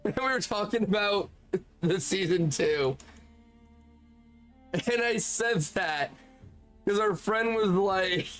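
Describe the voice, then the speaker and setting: A male streamer with a high voice that swings widely in pitch, chatting with his viewers in a loose, profane way. He talks at an unhurried pace, and faint music plays behind him. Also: animated, a bit bright. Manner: profane, laughs often, talks to chat. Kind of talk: casual live-stream chat.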